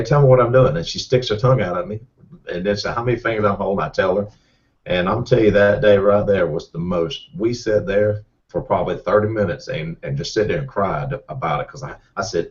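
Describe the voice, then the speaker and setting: A middle-aged race car driver, telling a rambling, folksy story with repeated words. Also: male voice, lowish voice. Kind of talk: casual storytelling. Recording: distant, muffled mic.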